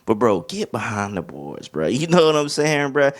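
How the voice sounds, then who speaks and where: This music reviewer is a young man speaking at medium pitch and normal speed. His album review is laid-back and slang-heavy, with lively bursts of humming and impressions of rappers.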